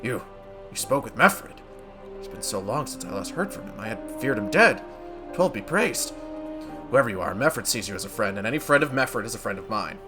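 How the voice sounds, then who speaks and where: A man voicing a weary older male elder, speaking in a grave, measured, old-fashioned way. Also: lowish voice, animated, music in the background, natural voice. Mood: stern then relieved. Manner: grave, measured, archaic speech.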